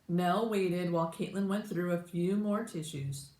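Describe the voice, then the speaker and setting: A woman teacher reading a children's storybook aloud with animated, expressive narration. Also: fairly low pitch, measured pace, hardly any pauses. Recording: roomy echo.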